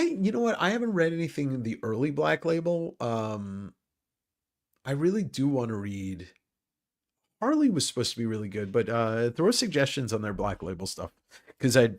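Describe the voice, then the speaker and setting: A man hosting a casual livestream chat about comics who rambles, jokes and swears freely. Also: mid-range voice. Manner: rambling, joking, profane. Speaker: host.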